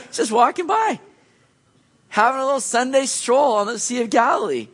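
A man preaching a sermon, telling the story with lively acted-out moments and earnest encouragement. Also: extremely high pitch, normal speed. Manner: animated storytelling, acts out quoted voices. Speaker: pastor.

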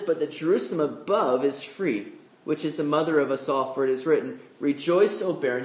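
A man preaching a conversational sermon, who acts out the voices of the people with big jumps in pitch. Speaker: pastor. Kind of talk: expository sermon.

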